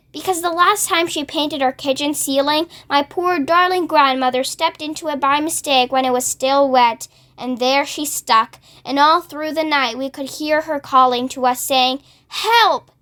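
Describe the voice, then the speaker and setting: A woman reading aloud plays a prim, dramatic spider lady. She recounts her story theatrically, in a high, light voice. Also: a little slow, hardly any pauses, pushed and bright.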